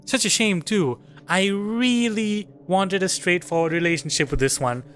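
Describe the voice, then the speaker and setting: A man voicing a smooth, scheming female yakuza boss who talks with cool menace. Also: high voice, moderate pace, a bit bright, faint music behind. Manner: silky, coolly menacing.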